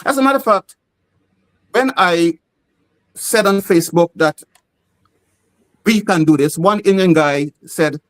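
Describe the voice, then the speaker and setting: High-voiced Guyanese man telling stories. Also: normal speed, pauses often, low-quality recording. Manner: animated, acts out quoted voices. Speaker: playwright guest. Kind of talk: interview storytelling.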